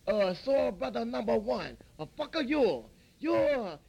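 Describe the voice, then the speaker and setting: A man's voice: very high voice, big pitch swings, measured pace, creaky, a little mellow, breathy edge, highs cut off, heavily acted. A man voicing a hot-tempered young male restaurant worker who sputters broken, angry threats. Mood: furious, sputtering.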